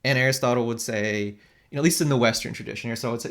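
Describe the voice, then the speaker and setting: A philosophy lecturer giving an animated recorded lecture, explaining step by step and often checking in with "right?". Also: medium pitch, very fast.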